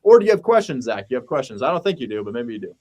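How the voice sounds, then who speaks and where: A blunt, high-energy man talking through his method like a coach. His voice sits at an ordinary middle pitch and he swears freely in casual conversation. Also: big pitch swings, rapid-fire, a little mellow. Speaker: real estate wholesaling coach. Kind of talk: casual chat, animated teaching.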